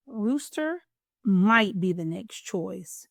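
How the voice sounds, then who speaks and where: Very slow, expressive woman reading a story. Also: mid-range voice, no echo, clean studio sound. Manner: expressive, playful, drawn-out delivery. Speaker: storytime host reading aloud. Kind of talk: children's picture-book read-aloud.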